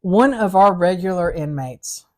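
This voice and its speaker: Animated woman telling a work story. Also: on the low side, unhurried. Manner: animated storyteller, laughs through punchlines. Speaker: corrections officer and co-host. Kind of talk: casual storytelling chat.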